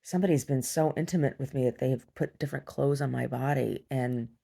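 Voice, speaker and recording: A woman recounting a disturbing dream in a personal video diary, talking haltingly with many restarts. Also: extremely low pitch, gravelly, mellow. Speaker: survivor sharing a personal story.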